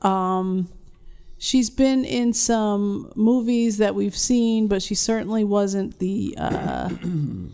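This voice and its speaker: A woman's voice: mid-range voice, lively intonation, takes it slowly, mellow, clean tone. A woman co-hosting a casual podcast, chatty, sometimes reading out facts. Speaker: podcast co-host. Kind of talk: casual chat.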